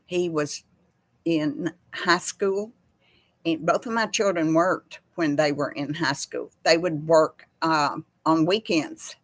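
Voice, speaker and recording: A middle-aged woman with a deep voice speaks slowly in a dry recording while hosting a casual livestream chat. She rambles from topic to topic, greets viewers by name, and laughs easily in her chatty way.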